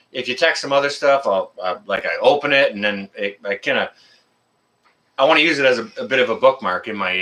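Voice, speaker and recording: A man's voice: medium pitch, bright, forceful tone. A man from Canada hosting a casual live stream, greeting viewers by name in a friendly, rambling way with many fillers.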